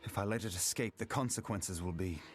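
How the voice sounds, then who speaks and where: An actor voicing a wounded, earnest young elf hunter in a video game, speaking in a formal, determined way. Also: male voice, low voice, a little fast, soft background music, natural voice. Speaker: game character.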